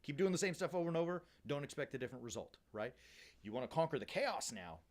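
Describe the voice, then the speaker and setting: A male priest giving a sermon in an energetic, conversational way, keeps checking in with "right?" and drops casual slang. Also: fairly high pitch, quick pace. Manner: uses casual slang like "bro" and "baby".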